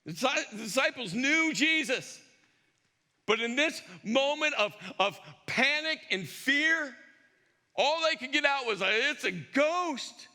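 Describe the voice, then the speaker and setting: A male pastor preaching a sermon, telling a story with lively acted-out dialogue and sometimes dropping to a hushed intensity. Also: very high voice, a little slow. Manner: animated storyteller acting out dialogue. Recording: long reverb of a large hall.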